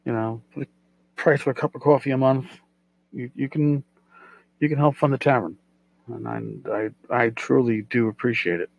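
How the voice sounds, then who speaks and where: A middle-aged man hosts a casual solo podcast at a moderate pace, his mid-range voice creaky and the audio dull. He rambles, pokes fun at himself, and repeats his words as he goes.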